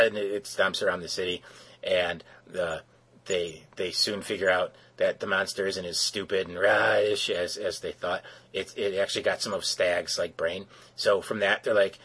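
Man, low husky voice, rambling sarcastic podcast recap, lots of restarts. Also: fairly even intonation, moderate pace, a bit bright. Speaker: podcast co-host. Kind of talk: casual comedic episode recap.

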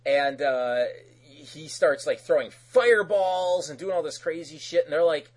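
Husky-voiced man casually recapping a cartoon. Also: a little high, measured pace, low-quality recording. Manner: animated, laughs often, acts out characters' lines; loose, with frequent fillers and restarts. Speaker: podcast co-host. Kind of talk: casual episode recap chat.

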